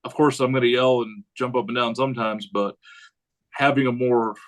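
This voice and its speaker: A man who is a high school head football coach, talking casually on a podcast in a rambling way and acting out what he says to players. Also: moderate pace, rough recording. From United States. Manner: rambling, animated, acts out quotes of himself.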